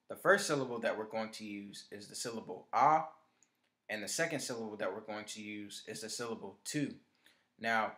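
A man teaching trumpet basics in a calm instructional lesson, walking through steps and counting the listener in. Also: on the low side, reverberant. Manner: steady step-by-step instruction, counting in.

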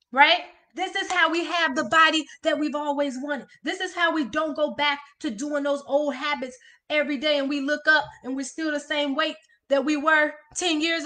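A woman's voice: sits high, pushed and bright. A woman life coach on a live stream, leading viewers through affirmations with lots of energy and repeated "y'all" and "all right.".

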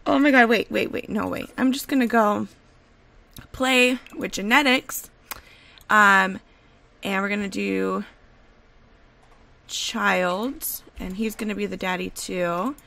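A woman's voice: mid-range voice, takes it slowly, creaky, long pauses. A woman doing casual game commentary from home, gushing and exclaiming over and over, rambling with fillers into a desk microphone. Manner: gushing and excitable, repeated exclamations. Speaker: gaming video creator. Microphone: desk USB microphone.

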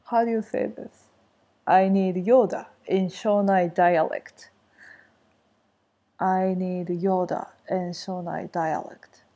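Woman teacher, very unhurried, warm low-key tone, repeats each phrase to drill it. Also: vocal fry, slightly rough. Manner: repeats phrases, explains step by step. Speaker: language teacher. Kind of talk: casual language lesson.

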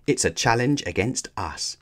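A man reading aloud, voicing a shy, gentle schoolgirl with a soft voice. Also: medium pitch, lively intonation, moderate pace.

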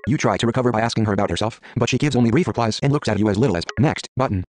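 Fast-reading man voicing a story game. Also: fairly low pitch, noisy background. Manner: reads quickly, stumbling and restarting, muttering menu words. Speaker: player reading an interactive story game aloud. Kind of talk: reading game text aloud.

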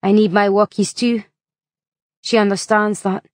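A woman voicing a weary, scruffy middle-aged male hitchhiker who talks in a glum, defensive monotone. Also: medium pitch, measured pace, dry recording, studio quality, natural voice.

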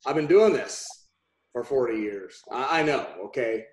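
A weary, blunt old actor grumbles in a deep, worn voice, as a man puts him on. He drops low and curses casually. The sound carries a roomy echo. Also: animated, moderate pace, darkish tone, lightly acted. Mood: gruff. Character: gruff weary veteran male actor, older, blunt.

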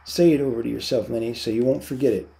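An anxious, protective ranch hand who presses his warnings fast and urgently, voiced by a man reading a novel aloud. The voice is gravelly and dark. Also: mid-range voice, steady tone, close to an everyday voice.

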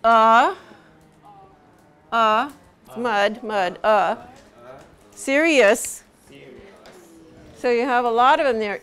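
A woman leads a pronunciation lesson at a very slow, deliberate pace. Her voice sits fairly high, and she repeats each sound patiently, stretching the vowels so learners can follow. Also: fairly bright tone. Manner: patient, drills sounds slowly with repetition and light laughs. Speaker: pronunciation teacher. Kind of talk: live English pronunciation lesson.

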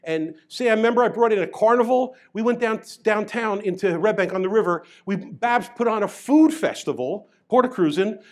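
High-voiced New storyteller man. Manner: animated, grows loud and excited as the story builds. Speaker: chiropractor. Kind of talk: storytelling talk.

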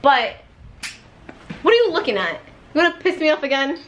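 A young woman chatting casually at home as a family vlogger, excitable and quick to laugh. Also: high voice, slight background noise, rough recording. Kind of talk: casual chat.

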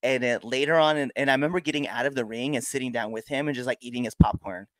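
A man's voice: fast talker, no room sound. A young man, a pro wrestler, telling stories casually and acting out crowd exchanges. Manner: animated storyteller, acts out crowd exchanges with big pitch jumps. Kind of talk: casual storytelling interview.

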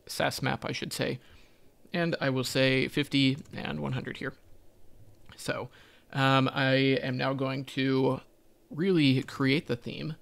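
A man's voice: medium pitch, vocal fry, a bit bright. A man teaching a coding tutorial, thinking aloud as he types, with frequent ums and self-corrections. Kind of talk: screen-recorded coding walkthrough.

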